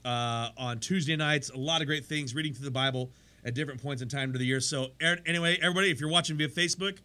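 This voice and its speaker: A man hosting a sports radio show in a studio, chatty and energetic, his voice worn from days of talking. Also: fairly high pitch, fast, smooth. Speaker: radio show host and pastor. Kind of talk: casual sports radio chat.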